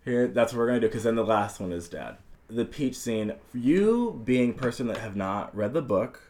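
A man in casual podcast chat about a film, animated and profane, acting out characters' lines as he retells scenes. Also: medium pitch, normal speed.

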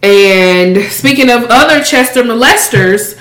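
A woman's voice: on the high side, animated, measured pace, a bit bright, faint music behind. Blunt, profane woman in a roomy echo. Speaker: podcast co-host. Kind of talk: casual chat.

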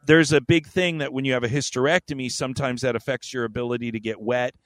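A man's voice: mid-range voice, steady tone, fast talker, dry recording. A man co-hosting a podcast, telling a story in a rambling, profane, joking way. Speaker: podcast co-host. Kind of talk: casual chat.

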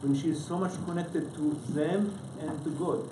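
A man taking part in a group study, talking in short, halting phrases. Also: a little high, steady tone. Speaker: class participant. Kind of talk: group discussion comment. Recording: echoey room with noticeable background noise.

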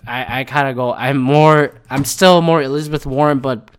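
A man's voice: medium pitch, fairly even intonation, moderate pace, clear, resonant tone. Rambling, profane man ranting. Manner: rambling, profane, repeats words as he restarts. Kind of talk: casual political rant.

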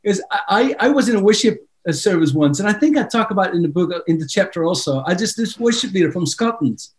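A man whose first language is not English talks as a guest author in a faith interview. His voice sits high, and he tells stories earnestly, often stopping and restarting mid-sentence. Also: expressive. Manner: earnest, storytelling, halting restarts.

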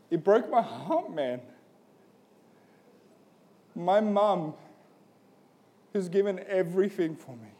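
A man's voice: high voice, dark tone. A young adult man preaching a conversational sermon, telling a personal story loosely and then building to an earnest appeal. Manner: casual and storytelling, peppered with "like" and "man". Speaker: pastor.

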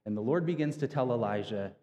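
Male pastor, mid-range voice, relaxed slangy storytelling sermon, hall reverb. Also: medium pitch, quick pace. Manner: casual, retells scripture in everyday slang. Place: church sanctuary.

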